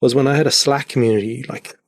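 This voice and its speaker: Speaking quickly at medium pitch with fairly even intonation, an Irish man talks loosely and reflectively, fillers and all, as a guest on a casual podcast interview. He's in his converted attic at home, and the sound is clean and studio-like with no echo.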